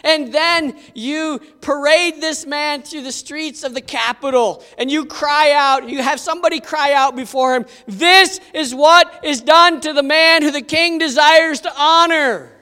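A man's voice: extremely high pitch, a little slow, few pauses, sharp tone, heavily acted. A man voicing a vain, self-important royal advisor, talking eagerly and fawningly. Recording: echoey hall reverb.

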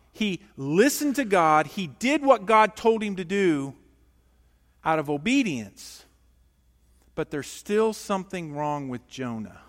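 A male pastor preaching a sermon, emphatic and animated, asking the congregation questions in a church. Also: on the high side, long reverb tail.

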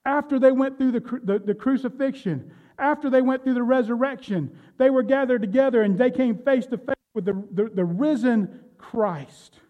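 A man's voice: very high voice, normal speed, narrow, tinny audio. A man preaching a sermon, retelling Bible stories and speaking directly to his congregation. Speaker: pastor.

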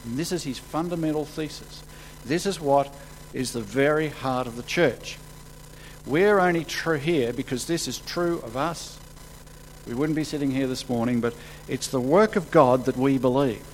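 A man preaching a sermon, acting out the quotes he reads with sudden rises in pitch and volume. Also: moderate pace, a little hiss or hum, low-quality recording. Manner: animated, acts out quotes with sudden jumps in pitch and loudness.

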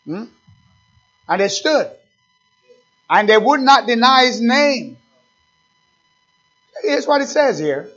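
Preaching slowly with long pauses, a high-voiced male pastor is very animated, firing rhetorical questions at his listeners as his fervor builds. His voice sounds a bit bright, though the recording itself is dull and lo-fi.

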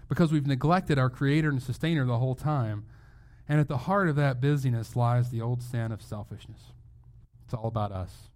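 A man's voice: mid-range voice, normal speed, a little mellow. A male pastor giving a sermon in a conversational way, asking rhetorical questions and restarting phrases as he goes.

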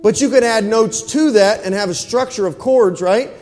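High-voiced man preaching in a reverberant church. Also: moderate pace, darkish tone, faint music behind. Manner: folksy, asks the congregation questions. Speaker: pastor. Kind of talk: sermon. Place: church hall.

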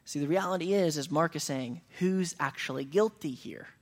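A man's voice: a little high, moderate pace. A man preaching a sermon as pastor, earnest, raising his voice for emphatic quoted lines. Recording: long reverb of a hall.

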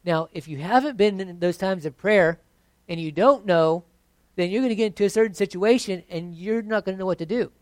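A pastor preaching a conversational sermon that builds to emphatic points. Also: male voice, high-pitched, a little fast, dry recording.

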